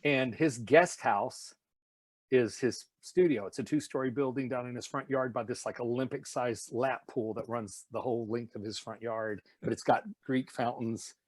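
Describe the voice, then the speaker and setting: Animated voice actor with a light Tennessee accent. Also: male voice, mid-range voice, normal speed, no room sound. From Nashville, Tennessee. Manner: animated, slips into impressions. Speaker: voice actor guest. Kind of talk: casual interview storytelling.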